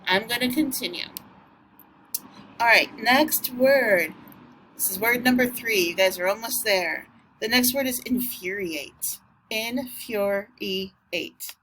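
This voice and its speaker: A woman teacher giving a recorded vocabulary lesson to students, speaking patiently and encouragingly and sounding words out slowly. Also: on the high side, pushed and bright, a little hiss or hum.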